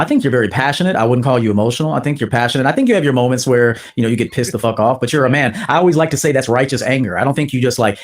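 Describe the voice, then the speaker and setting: A male guest on a talk show, reassuring and a bit hesitant, with many fillers. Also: medium pitch. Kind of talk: casual talk-show chat.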